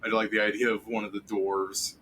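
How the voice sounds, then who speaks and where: Bright-voiced game master man. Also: on the low side, flat delivery, a little fast, slight background noise. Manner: laughing, explaining. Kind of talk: casual game chat.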